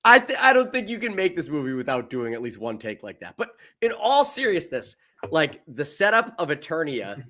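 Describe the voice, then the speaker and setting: A young man co-hosting a casual movie podcast, excitable, swearing freely and laughing often. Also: fairly high pitch, moderate pace. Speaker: podcast co-host.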